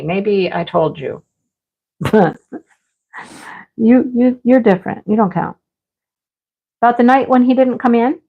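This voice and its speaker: Chatty woman telling a story. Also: fairly high pitch. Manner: chatty, rambling, scolding asides. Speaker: livestream host. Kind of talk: casual storytelling on a livestream. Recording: slightly dull lo-fi sound.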